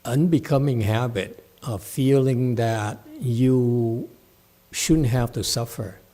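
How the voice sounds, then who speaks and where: A man, a meditation master delivering a dharma talk at a temple, bluntly scolds a student, moving from low, measured speech to loud, high-pitched outbursts.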